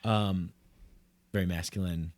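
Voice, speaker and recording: A man's voice: deep voice, steady tone, unhurried, darkish tone, no echo. A man hosting a podcast, talking in a loose, rambling way full of "like" and "you know". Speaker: podcast host. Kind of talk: casual conversation.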